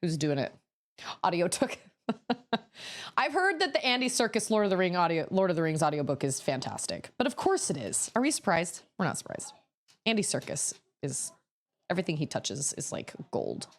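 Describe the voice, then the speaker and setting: A woman in her thirties chatting casually on a livestream, rambling to herself as she builds, her voice a little rough. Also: lowish voice, sing-song, normal speed. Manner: chatty, rambling, self-talking while building. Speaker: streamer.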